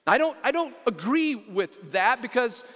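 Male pastor, high bright voice, animated sermon with call-and-response, long hall reverb. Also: measured pace. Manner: animated preaching, repeats words, asks the congregation to respond. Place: church sanctuary.

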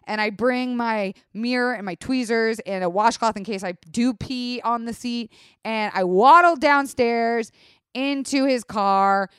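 A woman's voice: on the high side, unhurried, smooth, no echo, clean studio sound. A woman hosting a podcast, telling a comedic story in a candid, profane, chatty way and acting out her own panic. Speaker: podcast host.

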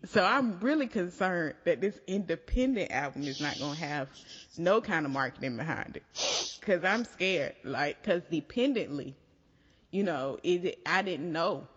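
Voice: mid-range voice, lively intonation, unhurried, a bit bright. A podcast co-host chatting casually with a dry, sarcastic, teasing edge. The sound is dull and lo-fi. A long reverb trails behind every phrase. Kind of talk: casual chat.

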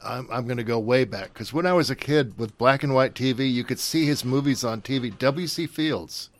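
A man's voice: medium pitch, normal speed. An older man chatting casually, rambling with many fillers and restarts. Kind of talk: casual chat.

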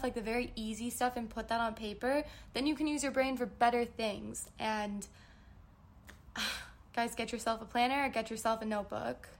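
A woman in her twenties hosting a casual solo podcast, answering listener questions in a candid, rambling way, trailing off and correcting herself. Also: a little high. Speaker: podcast host. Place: New York.

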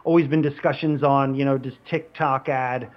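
A man talking as a podcast guest in casual conversation, animated, with frequent restarts and fillers. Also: mid-range voice, normal speed, lo-fi sound.

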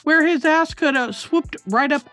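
Woman podcast host, lively storyteller, casual swearing, faint music behind. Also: high voice, moderate pace. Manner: animated storyteller, swears, acts out voices. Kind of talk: casual chat.

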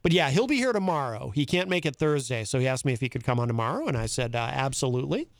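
Animated man hosting talk radio. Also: mid-range voice, fast talker, vocal fry, no room sound, studio quality. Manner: laughs easily, animated. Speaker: radio talk show host. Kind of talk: casual talk radio banter.

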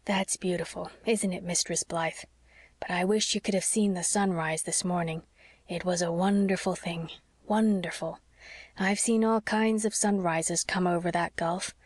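A woman reading as a frail, gentle old sea captain. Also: fairly low pitch, steady tone, normal speed, dry recording, lightly acted. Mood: wistful.

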